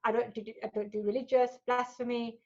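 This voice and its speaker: A slightly high, slightly fast female voice belongs to a woman in her forties whose family comes from Gujarat, India. As a guest in a casual interview she tells stories bluntly and with energy, acting out what people said. The recording is dull and lo-fi.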